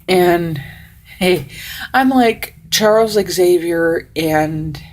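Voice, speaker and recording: A woman's voice: on the low side, very slow. A woman in her forties talking casually to the camera, blunt and rambling, swearing freely. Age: 40s.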